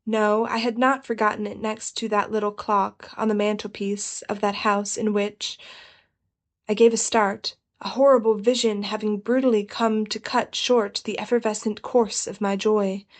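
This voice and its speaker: Woman, audiobook narrator, measured, expressive, first-person telling. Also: mid-range voice. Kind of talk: audiobook reading of a novel.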